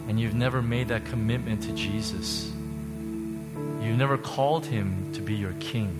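Man preaching over worship music. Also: on the low side. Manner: passionate preaching, swings from loud to hushed. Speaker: pastor. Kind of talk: sermon with altar call. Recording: music playing under the preaching.

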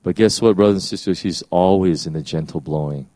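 A man's voice: deep voice, a little fast, warm tone, no echo. A man giving a conversational sermon, often restarting his sentences and acting out the quoted lines. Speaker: preacher.

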